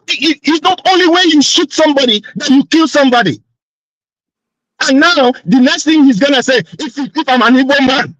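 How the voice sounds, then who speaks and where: Very high-voiced indignant man. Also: moderate pace, a bit bright, no room sound, lo-fi sound. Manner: insistent, indignant. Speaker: panelist. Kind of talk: heated panel argument.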